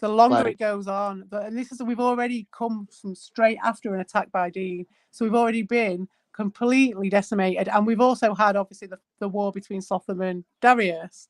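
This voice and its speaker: A woman's voice: medium pitch, fairly even intonation, fairly quick, hardly any pauses, dry recording. A woman streamer in casual chat, blunt and exasperated, swearing a lot.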